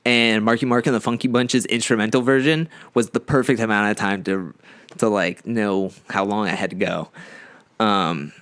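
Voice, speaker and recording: A man's voice: fairly low pitch, steady tone, normal speed, fairly bright tone, clean tone, no room sound. A young man co-hosting a podcast, telling a story in casual, rambling chat, full of "like" and fumbled words. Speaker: podcast co-host.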